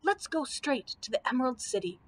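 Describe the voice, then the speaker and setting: A young girl bursts with eager excitement, as a woman reading aloud voices her. Her voice is on the high side, full of storybook wonder. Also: a little fast.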